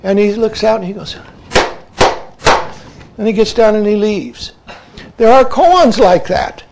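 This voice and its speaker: Male Zen teacher with a high voice, giving an emphatic, repetitive dharma talk. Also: a little slow, gravelly, noisy background. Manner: emphatic, repeats "see" as a verbal tic.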